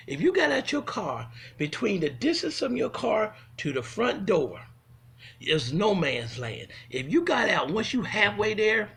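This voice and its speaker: A man telling comic stories in a folksy, animated way, swinging from loud to hushed. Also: sits high, vocal fry, breathy edge. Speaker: storyteller. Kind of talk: comic storytelling monologue.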